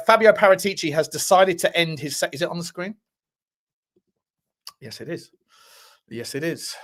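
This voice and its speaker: A man hosts a football live stream in a loose, joking way. He swears freely and says many phrases twice. His voice sits on the high side. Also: fairly bright tone. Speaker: football podcast host. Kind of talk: casual live-stream chat.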